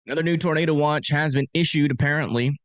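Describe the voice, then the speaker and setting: A man's voice: fairly high pitch, fast, dry recording. A man in his thirties hosting a casual livestream, chatty and self-deprecating as he talks to viewers. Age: 30s. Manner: chatty, reads donations aloud, self-deprecating. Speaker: storm-chasing livestream host.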